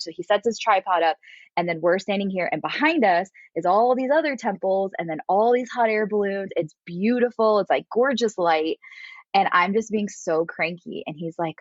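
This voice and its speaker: A woman's voice: on the low side, a little fast, no echo, dull audio. A woman guest casually telling a story, acting out quotes and laughing often. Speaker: podcast guest.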